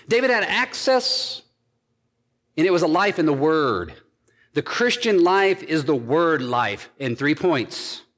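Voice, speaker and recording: High-voiced preacher in an echoing hall. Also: male voice, a bit bright. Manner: emphatic preaching with repeated phrases. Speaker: pastor. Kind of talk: sermon.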